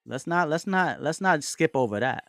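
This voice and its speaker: A man hosting a casual live stream, chatting loosely, reading out viewers' comments and giving shout-outs. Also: on the high side, normal speed, no room sound, faint music behind. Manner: reads out and answers viewers' chat comments; relaxed, chatty, with frequent fillers and shout-outs. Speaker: livestream host. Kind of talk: casual livestream chat.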